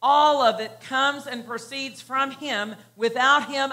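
A woman pastor preaching a sermon, slow and emphatic, repeating key phrases for weight. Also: high-pitched, fairly even intonation, sharp tone.

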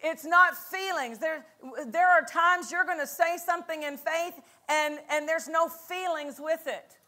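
A woman's voice: very high-pitched, measured pace, pushed and bright. A woman pastor preaching a fervent sermon at a conference, repeating lines and calling out for an amen. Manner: fervent, repetitive, call-and-response. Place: church conference hall.

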